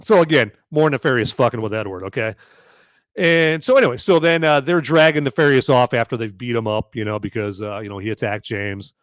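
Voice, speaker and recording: Man, podcast host, rambling live recap, middle pitch, dry close mic. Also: a little fast, no echo. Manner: rambling, filler-heavy, keeps asking "okay?". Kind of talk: casual live-stream recap.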